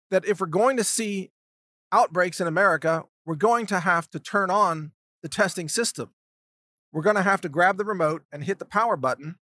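A commentary podcast host rants solo into a close, dry mic with no echo, his voice a bit higher than most men's, bright and forceful. Indignant and sarcastic, he keeps acting out mocking imagined conversations to make his point.

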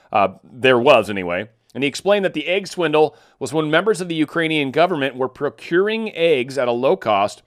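A man runs through the headlines in a loose, casual commentary style and breaks off for sarcastic side remarks. He trips over hard names and laughs at himself. The sound is dry and close, with his voice at an ordinary middle pitch. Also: dry recording. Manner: sarcastic asides, stumbles over foreign names. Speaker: political commentary host.

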